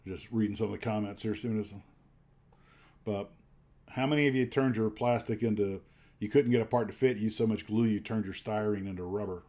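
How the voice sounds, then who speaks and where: A man with a fairly low voice hosting a relaxed livestream, talking in a loose, rambling way. He often trails off, restarts his sentences and fills pauses with "uh" and "um". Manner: rambling, many fillers and restarts. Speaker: livestream host. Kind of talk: casual chat.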